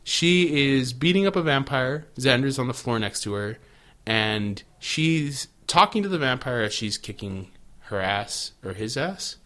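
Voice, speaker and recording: A male podcast co-host in easygoing chat, recapping a show with crude jokes and running commentary. His voice sits in an ordinary middle pitch. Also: lively intonation, unhurried, a bit bright. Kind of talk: casual chat.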